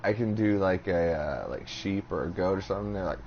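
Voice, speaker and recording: A man's voice: low-pitched, a little fast, muffled recording, a little hiss or hum. A man co-hosting a casual podcast, pushy and laughing, swearing through the banter. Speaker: podcast co-host. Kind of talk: casual chat.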